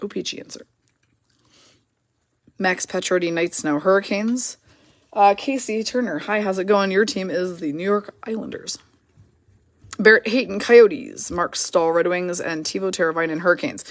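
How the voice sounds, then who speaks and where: A woman hosting a live card break, quickly reading out player names and teams and chatting with viewers in the comments. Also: lowish voice, no echo. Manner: brisk, reads names and teams in quick lists, chats with viewers.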